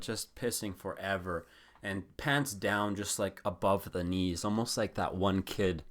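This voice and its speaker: A man's voice: low-pitched, fairly bright tone. A young man hosting a podcast, telling a rambling, profane story in a casual chat style. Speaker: podcast host.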